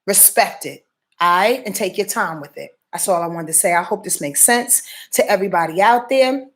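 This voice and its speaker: With a fairly low voice, lively intonation and normal speed, a woman hosting a live astrology show lectures her viewers in slangy, emphatic terms and curses freely. Her speech is full of fillers, repeated words and restarts.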